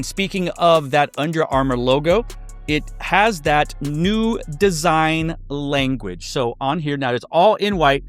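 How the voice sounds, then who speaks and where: A man giving a casual sneaker review, chatty and loose, with many fillers and restarts. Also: on the high side.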